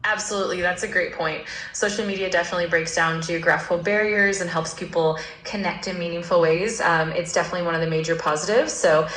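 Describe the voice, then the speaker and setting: A woman's voice: lowish voice, fairly even intonation, quick pace, few pauses, fairly bright tone, roomy sound, slight background noise, poor audio. A synthetic woman's voice with an American accent, answering as a polite and agreeable AI assistant. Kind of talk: scripted discussion replies.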